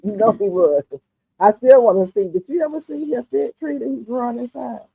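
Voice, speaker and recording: A woman with a Southern US accent hosting a casual livestream chat, relaxed and talkative, often murmuring "mm-hmm" and reading comments aloud. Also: a little high, fairly quick, creaky, husky, no echo. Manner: relaxed, chatty, frequent "mm-hmm". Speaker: livestream host. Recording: dry, phone-like narrow sound.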